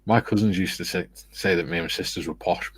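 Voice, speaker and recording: Deep-voiced English man hosting a stream. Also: fast talker, husky, dry recording. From England. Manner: chatty, amused, loose and rambling. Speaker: livestream host. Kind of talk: casual chat, reading viewer comments. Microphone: streaming setup, video call.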